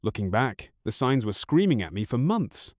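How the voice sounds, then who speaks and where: Bitter, lively-voiced male storyteller. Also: mid-range voice, moderate pace, no room sound, clean studio sound. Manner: bitter, raw, profane. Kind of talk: first-person story narration.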